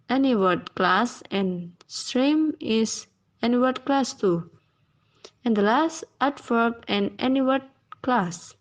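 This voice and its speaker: A young woman student giving a class presentation, reading her points and examples carefully one by one. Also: a little high.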